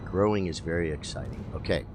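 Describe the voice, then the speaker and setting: A man giving excitable, chatty live commentary while streaming a game and talking to his chat. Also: low-pitched, brisk, over music.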